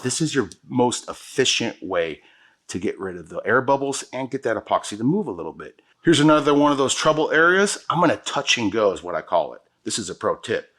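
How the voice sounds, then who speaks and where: A man's voice: mid-range voice, big pitch swings, fairly quick, a bit bright. A man teaching an epoxy pour as the show's host. He talks to viewers in an enthusiastic, slangy way while he works. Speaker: epoxy countertop instructor. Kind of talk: hands-on product demonstration.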